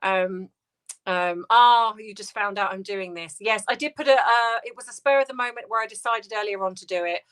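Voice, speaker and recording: Bright-voiced British woman, halting livestream chat. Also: mid-range voice, clear, resonant tone. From United Kingdom. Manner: hesitant, halting, full of ums and restarts. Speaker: livestream host. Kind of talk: casual livestream chat reading viewer comments.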